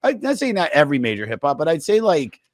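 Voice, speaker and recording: A man's voice: fairly high pitch, wildly swooping pitch, quick pace, dry recording. A man with a Maryland accent hosting a podcast, telling stories in a rambling, profane, joking way. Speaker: podcast host. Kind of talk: casual chat.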